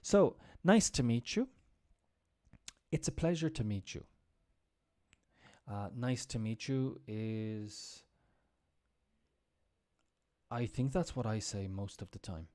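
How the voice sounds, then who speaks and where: Mellow-voiced male English teacher. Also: medium pitch, slow, long pauses. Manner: relaxed explaining with examples, some restarts. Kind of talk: live-streamed English lesson. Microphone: computer mic on a live stream.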